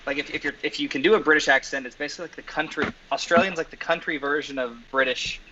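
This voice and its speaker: A man's voice: a little high, steady tone, fast talker, pushed and bright, muffled recording, slight background noise. A man from North Carolina, a guest on a podcast, telling rambling stories in casual chat. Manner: rambling storyteller, many "like" fillers.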